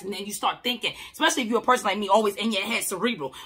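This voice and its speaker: A woman who works in mental health, telling a personal story to camera in a blunt, emphatic way, repeating herself and swearing casually, swinging between loud and soft. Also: on the high side, racing, few pauses, husky.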